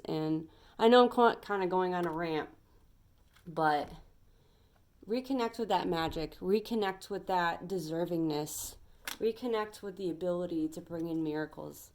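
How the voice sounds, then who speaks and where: Youngish woman doing a pep talk, kinda low voice, earnest and rambly. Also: unhurried, a little mellow. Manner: earnest, emphatic, rambling with restarts. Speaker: tarot reader.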